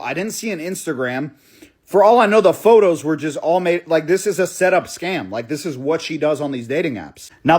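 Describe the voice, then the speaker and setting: A man's voice: fairly high pitch, breathy edge. A young man telling a story in a casual, profane way, often asking "right?" and calling the listener "bro". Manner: fast, breathless storytelling with many restarts. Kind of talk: storytime monologue.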